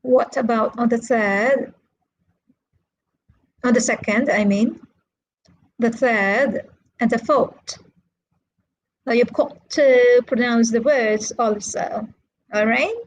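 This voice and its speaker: Woman, English teacher, live online class, slow and patient, fairly high voice, keeps checking in with students. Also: rough recording. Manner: slow, patient, checks in with frequent "okay" and "right". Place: home setup for a live-streamed online lesson.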